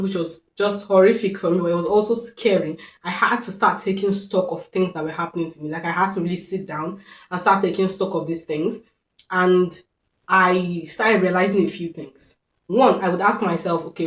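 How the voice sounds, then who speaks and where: A woman vlogger telling a personal story in an earnest, reflective way, repeating phrases for emphasis. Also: lowish voice. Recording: roomy echo.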